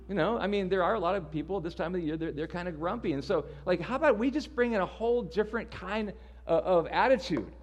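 A man's voice: on the high side, a little mellow. A man preaching a sermon in a casual, conversational way, often repeating words as he restarts. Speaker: pastor.

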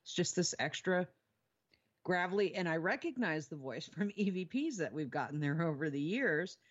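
A woman paranormal investigator telling her experiences in a casual interview, animated and laughing often. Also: fairly low pitch, moderate pace, muffled recording.

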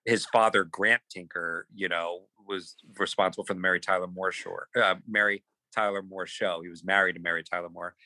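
Animated man telling a story, bright voice. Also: deep voice, a little fast, hardly any pauses, no room sound, poor audio. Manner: animated, repeats words, acts out quotes. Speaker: podcast guest. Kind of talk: casual storytelling.

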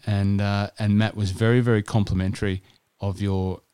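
A man's voice: on the low side, level tone, moderate pace, dark tone, smooth, dry recording. An Australian man co-hosting a podcast, telling stories in casual chat with frequent restarts. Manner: chatty storytelling with restarts. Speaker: podcast co-host.

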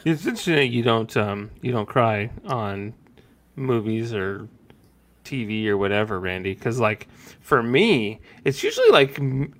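A man's voice: mid-range voice, very animated, unhurried, a bit bright. A man in his forties hosting a podcast, chatting casually and laughing often. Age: 40s. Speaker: podcast host. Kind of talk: casual chat.

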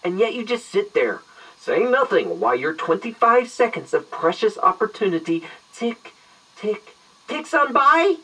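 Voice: mid-range voice, very animated, unhurried, bright, forceful tone, distant mic, exaggerated voice, rough recording. A performer playing an eccentric retired detective who gives a long, theatrical answering machine greeting in an audio drama. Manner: long-winded, verbose and mock-grand.

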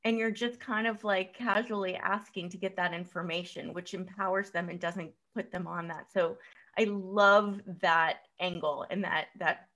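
A woman's voice: lowish voice, steady tone, normal speed, a bit bright, rough recording. A woman hosting an interview, encouraging and full of filler words as she asks questions. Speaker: host. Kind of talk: interview host, parent.

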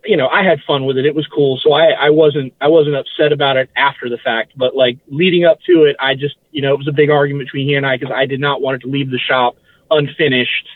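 A man's voice: mid-range voice, fairly even intonation, fast talker, dry recording. A man, a guest in a casual interview, recalling things in a rambling way and correcting himself as he goes. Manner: rambling, self-correcting recollection. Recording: tinny phone-like line, dry.

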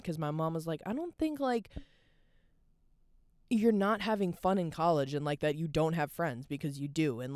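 A woman's voice: deep voice, clean tone, no room sound, clean studio sound. A young adult woman hosting a podcast alone, talking openly and rambling, with "like" in nearly every phrase. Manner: open and confessional. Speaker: podcast host. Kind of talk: candid solo podcast monologue.

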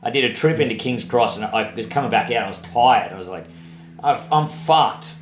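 A man's voice: medium pitch, fast talker, echoey room, slight background noise. A man, co-hosting a podcast in casual chat and telling rambling stories full of fillers. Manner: laid-back, rambling storyteller with frequent fillers. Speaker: podcast co-host, touring comedian.

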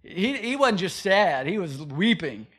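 A pastor delivers a sermon in a fairly high voice, rising and falling as he drives his points home. He asks rhetorical questions and breaks into acted quotes along the way. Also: very animated, measured pace, fairly bright tone, slightly rough.

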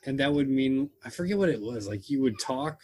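A man's voice: mid-range voice, animated, brisk, a little mellow, a little hiss or hum. A young man hosting a casual podcast chat, telling rambling jokey stories. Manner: rambling, joking storyteller. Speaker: podcast host.

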